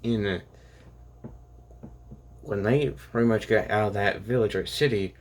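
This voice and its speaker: Low-voiced rambling young man telling a story. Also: steady tone. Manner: rambling, halting, many fillers and restarts. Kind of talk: casual improvised story narration.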